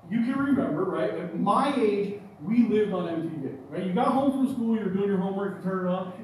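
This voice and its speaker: A man's voice: high-pitched, expressive, a little fast, a little mellow, slight background noise. A middle-aged male pastor giving a conversational sermon in a church, often asking "right?" and "amen?". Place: church sanctuary. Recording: echoey church from far off.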